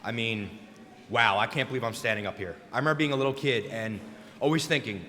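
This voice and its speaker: Young man, choked up, heartfelt thank-you speech, halting with fillers, podium mic, reverberant hall. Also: lowish voice, bright, forceful tone. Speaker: graduating student giving thanks. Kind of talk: emotional commencement speech. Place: large ceremony hall.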